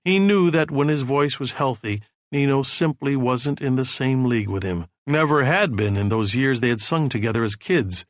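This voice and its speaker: In studio quality with no room sound, a man with a mid-range voice narrates a novel for an audiobook. The scripted reading unfolds in a steady, measured storytelling manner.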